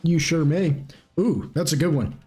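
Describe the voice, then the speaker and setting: A man running a tabletop game as game master, telling the scene in a loose, lively way. His voice is slightly high, and faint music plays behind him. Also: unhurried. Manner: lively storytelling with casual fillers.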